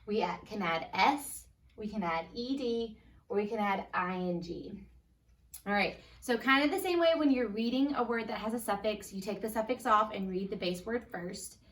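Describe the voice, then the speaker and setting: A woman teaching a first grade phonics lesson, upbeat and patient, sounding out words slowly for young children. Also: medium pitch, a bit bright, recorded from a distance.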